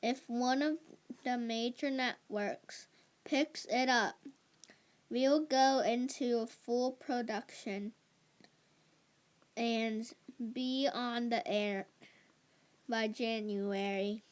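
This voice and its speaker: A woman reading aloud, voicing an excitable actress mother who is chasing her big break, in a slow, halting delivery. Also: a little high, clear, resonant tone. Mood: eager.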